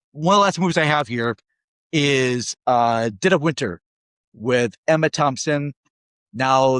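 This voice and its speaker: A man's voice: medium pitch, no room sound. A man from Minnesota giving a rambling, casual movie review, often checking in with "all right?" and getting worked up at times. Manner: rambling and conversational, keeps tagging lines with "all right?"; gets worked up and exasperated.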